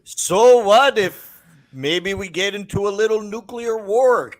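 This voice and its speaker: A man putting on a deadpan Ohio local with a Midwestern accent, joking bleakly. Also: high voice, slow. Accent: put-on Midwestern.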